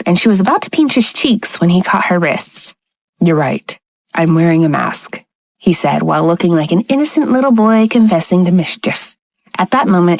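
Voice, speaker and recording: Woman, audiobook narrator, steady scripted storytelling, lowish voice, dry close mic. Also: vocal fry, dry recording, rough recording.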